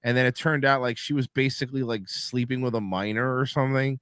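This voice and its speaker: A man hosting a podcast in casual chat, animated and mocking, swearing often. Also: mid-range voice, fast, clean tone, dry recording, clean studio sound. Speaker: podcast host.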